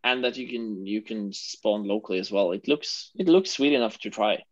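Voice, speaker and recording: A man hosting a casual video call meeting, relaxed and quick to agree. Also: fairly low pitch, no room sound. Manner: relaxed, many short agreeing replies. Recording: dry, dull lo-fi call audio.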